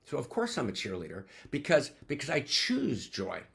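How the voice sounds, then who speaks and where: A man giving an animated spiritual teaching talk over a video call, exuberant and repetitive, often asking "right?". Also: mid-range voice, moderate pace, vocal fry. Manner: exuberant, repeats questions, peppers talk with "right?". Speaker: teacher leading an online gathering.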